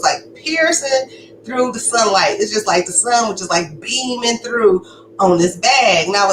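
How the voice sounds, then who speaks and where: A woman recounts her own story in a frank, emphatic testimony. Her voice sits at a middle pitch and is recorded in an echoey room with a faint hiss behind it. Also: a bit bright. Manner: candid, conversational, emphatic. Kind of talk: personal testimony.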